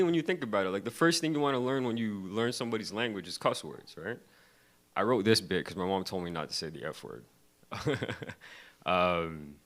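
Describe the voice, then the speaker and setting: A man's voice: fairly low pitch, fairly bright tone. Crowd-baiting young male stand-up comic. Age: young adult. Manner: loose, crowd-baiting delivery with laughs. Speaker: stand-up comedian. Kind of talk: stand-up set. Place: comedy club stage.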